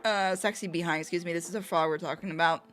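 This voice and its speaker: A woman's voice: lowish voice, fast, faint music behind. A woman livestreamer chatting casually while reacting to videos, laughing often. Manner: giggly, laughs often, animated.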